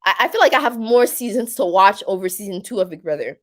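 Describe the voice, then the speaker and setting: A woman's voice: medium pitch, lively intonation, quick pace, few pauses, fairly bright tone. A woman with a Québécois French accent hosting a casual live stream, chatty and rambling, with many fillers. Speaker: live stream host reading viewer comments.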